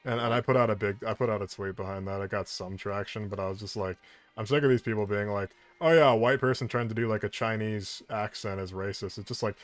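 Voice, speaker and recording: A man's voice: fairly low pitch, fast talker, dry recording, soft background music. A man who voices characters, chatting animatedly on a livestream and often restarting his sentences. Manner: animated and talkative, with frequent restarts and laughs. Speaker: voice actor. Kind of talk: casual chat on a livestream.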